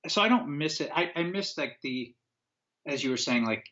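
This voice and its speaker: On a podcast, this man from upstate New York, who once owned a record label, animatedly recounts a story, voicing the quotes himself and leaning on fillers. He has a fairly high pitch and a moderate pace, heard through a muffled recording.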